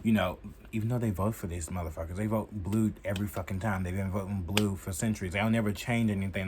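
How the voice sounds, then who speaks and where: A young man with a somewhat low voice delivers casual, fired-up commentary to his viewers. He curses often and leans on "like" as filler. His voice keeps jumping higher and louder when he gets angry. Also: fast, slight background noise. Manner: heated and profane, heavy use of "like"; animated, jumping in pitch and loudness. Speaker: political commentary vlogger.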